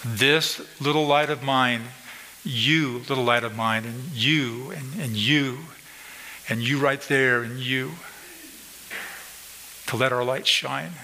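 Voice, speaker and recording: A man's voice: mid-range voice, fairly even intonation, takes it slowly, pauses often, pushed and bright, big-room sound, a little hiss or hum, low-quality recording. A man preaching a sermon to his congregation, emphatic and repetitive, pointing out people in the room. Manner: emphatic preaching, repeats phrases, addresses congregation directly. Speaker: pastor. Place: church sanctuary.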